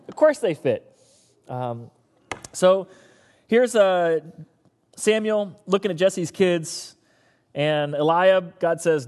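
A man preaching a sermon as pastor, an animated storyteller who acts out the characters. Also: sits high, unhurried, in a large hall.

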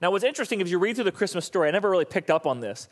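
A man pastor giving a casual, animated sermon, talking to his audience and asking them questions. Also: sits high, racing.

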